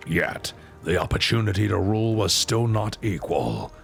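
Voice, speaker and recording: A man voicing a stately old two-headed lizard king in a deep, grave robot-hero style for a game. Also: very animated, creaky. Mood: solemn. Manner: slow, grave pronouncements. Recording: faint game music behind. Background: faint game music.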